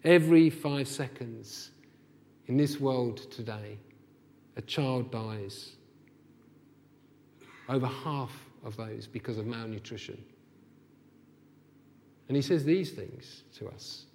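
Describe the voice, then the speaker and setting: A man preaching a sermon, impassioned and building to forceful, near-shouted peaks. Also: mid-range voice, slow pace, pauses often, in a large hall, slight background noise. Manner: impassioned, rising to near-shouts when voicing God's anger.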